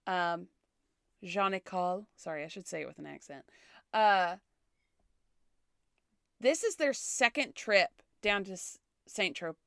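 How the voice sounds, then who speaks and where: A woman in her thirties co-hosting a casual history podcast, telling the story in a relaxed way, laughing often and swearing casually. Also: medium pitch, a little slow, creaky, long pauses, dry recording, studio quality. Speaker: podcast co-host.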